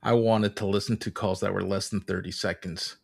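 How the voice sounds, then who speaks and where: A man with a low, gravelly voice speaks bluntly and candidly in a podcast conversation. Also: flat delivery, fairly quick.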